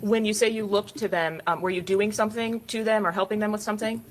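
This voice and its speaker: Woman prosecutor, measured and formal courtroom questioning. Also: mid-range voice, fairly even intonation, a little hiss or hum, poor audio. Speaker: prosecuting attorney.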